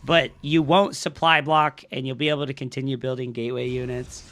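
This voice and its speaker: Bright-voiced, excitable young male streamer. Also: mid-range voice, a little fast. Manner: excitable, profane, talks to chat. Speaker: streamer and coach. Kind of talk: live gameplay commentary.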